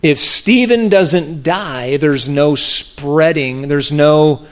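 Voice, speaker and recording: Slow, animated man preaching a sermon. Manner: animated, acts out voices of the crowd with big pitch jumps.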